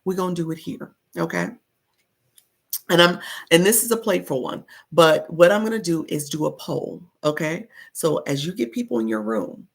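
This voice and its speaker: A woman's voice: fairly low pitch, vocal fry, breathy edge. A woman coaching live-stream viewers in a chatty way, greeting people in the chat by name and laughing often.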